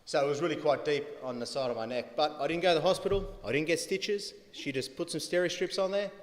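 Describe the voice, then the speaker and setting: A man's voice: fairly high pitch, fast talker. Man telling stories in an echoey hall. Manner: storytelling, chuckling at his own stories. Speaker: son giving a eulogy. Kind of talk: anecdotal funeral eulogy. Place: funeral venue hall.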